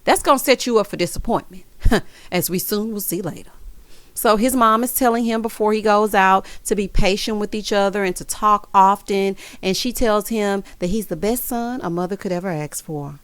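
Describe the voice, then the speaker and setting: A sassy woman talking through a reality show recap, full of side-eye asides, honeys and childs. She throws in loud, high bursts of laughter. The sound is dry and close. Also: normal speed, no echo. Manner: addresses viewers as honey and child. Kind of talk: casual recap commentary.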